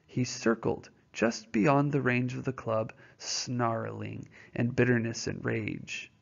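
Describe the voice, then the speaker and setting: Taking his time, a male teacher with a medium-pitched, vocal-fry voice reads from a novel and explains it to his class. He keeps things patient and informal, regularly quizzing students on their understanding, on a dull lo-fi recording.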